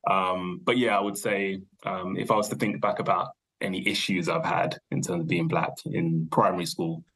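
A young man, a podcast guest thinking aloud in a relaxed, rambling way, full of fillers and self-corrections. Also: deep voice, normal speed, slightly rough. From London, England. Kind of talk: casual conversational interview.

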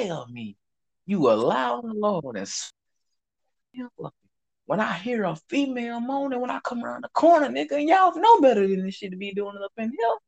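A man with a Southern US accent telling a story in casual chat, animated and profane, acting out what people said. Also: very high-pitched, normal speed, gravelly. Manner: animated, profane, acts out quotes. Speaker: storyteller host.

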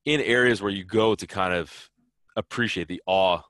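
A man's voice: low voice, normal speed, a bit bright, no echo, studio quality. A man answering interview questions in a loose, rambling way, full of fillers and restarts. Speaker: interview guest, traveler. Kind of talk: casual conversational interview.

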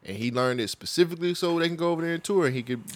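A man's voice: on the high side, rapid-fire. A man co-hosting a podcast, chatting casually, joking and swearing freely. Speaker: podcast co-host. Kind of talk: casual chat.

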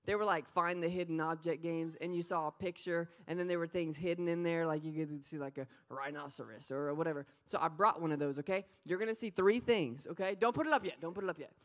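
A woman preaching an energetic sermon, playful and animated, often talking straight to the crowd. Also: low voice, a little fast, few pauses. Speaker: pastor.

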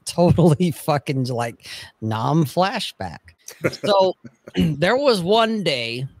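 A man with a fairly high, very lively voice tells a story slowly in a casual podcast chat. He talks bluntly and swears freely, stopping often to ask "okay?". The sound is dry and close. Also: no echo. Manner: blunt, profane storytelling with frequent "okay?" check-ins.

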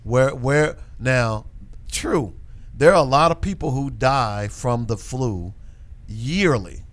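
A man co-hosting a talk show, ranting in exasperation and rising to near-shouts. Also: medium pitch, slow. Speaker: co-host. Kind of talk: heated casual chat.

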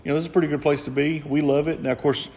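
A man's voice: a little high, flat delivery, racing, a little mellow. Male podcast host, fifties, rambling and jokey, reverberant room. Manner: jokey, rambling, many restarts. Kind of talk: casual podcast chat. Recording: roomy reverb.

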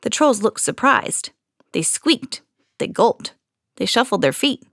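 A woman reading a children's storybook aloud in an expressive, storytelling manner. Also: a little high, slow, gravelly, dry recording, studio quality. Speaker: podcast host reading to children.

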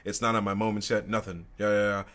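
Young male co-host, low voice, loose profane storyteller, casual podcast chat. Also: little pitch movement, fast, fairly bright tone.

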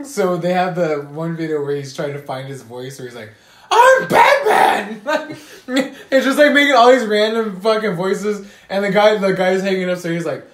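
With a high voice, a brisk pace and hardly any pauses, a young man co-hosts a casual podcast over background noise. He tells animated stories, acting out quotes and laughing frequently, in an echoey room.

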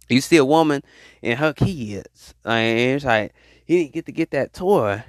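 A podcast host delivers a motivational sermon-style monologue in a medium-pitched voice that swoops wildly, using call-and-response exhortation and drawn-out hype. The sound is studio quality with no echo.

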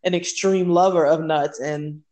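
A woman chats casually with a friend. She reacts bluntly, exclaims at what she hears and throws in quick asides. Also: deep voice, steady tone, warm tone. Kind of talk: casual chat.

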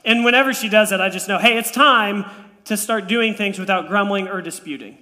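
A man in his thirties preaches to his church with a notably high, bright voice. He tells family stories and adds playful, animated asides. His voice rings out with the long reverb of a large church hall. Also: brisk. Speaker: pastor. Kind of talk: sermon. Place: church sanctuary.

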